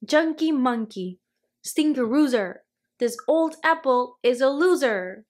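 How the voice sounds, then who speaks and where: A woman voicing an eager, cheerful little girl witch who chants rhyming spells in a bright, excited way. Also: high voice, slow pace.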